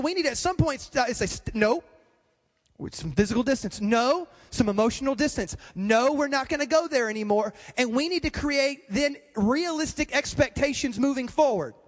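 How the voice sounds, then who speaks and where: A man's voice: extremely high pitch, expressive, a little fast, hardly any pauses, big-room sound. A male pastor preaching a sermon in an emphatic, repetitive way, speaking straight to the congregation.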